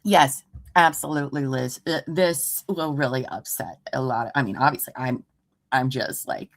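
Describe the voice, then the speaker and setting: A woman's voice: rumbling low, moderate pace, no echo. A woman hosting a true crime livestream from home, reading a report aloud and breaking off into sarcastic, exasperated asides. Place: home room.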